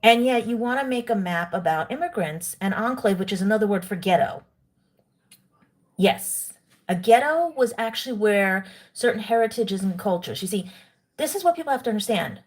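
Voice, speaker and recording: A woman's voice: medium pitch, expressive, moderate pace. Indignant New woman lecturing her chat. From New York. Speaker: livestream host. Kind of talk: live-stream commentary to chat.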